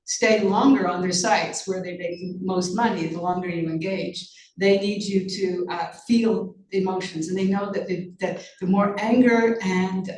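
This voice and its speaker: A woman's voice: medium pitch, a little mellow. A woman author answers interview questions with earnest intensity, breaking off and restarting her thoughts. Her voice carries a roomy echo. She sounds a little distant from the microphone. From Canada. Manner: earnest, many restarts and fillers. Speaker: author and journalist guest. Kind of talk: conversational interview.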